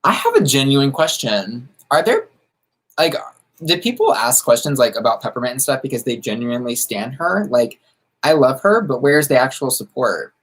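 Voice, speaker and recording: Man, from the United States, drag queen streamer, casual livestream chat, campy, sassy, drag slang, middling pitch. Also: sing-song, moderate pace, fairly bright tone, breathy edge. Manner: doing makeup while talking. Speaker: drag queen streamer answering viewer questions.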